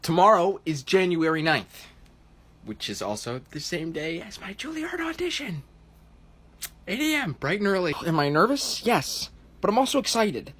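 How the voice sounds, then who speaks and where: He's an American in his twenties vlogging for TikTok from a small New York City apartment, upbeat and self-deprecating in his casual narration. The voice is high and fairly bright, swinging widely in pitch at a normal pace, with slight background noise.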